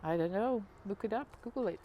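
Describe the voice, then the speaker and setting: A woman's voice: medium pitch, expressive, brisk, highs cut off, a little hiss or hum. A woman with a Dutch accent chatting casually on a live stream, narrating the street below her apartment window. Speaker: live vlogger.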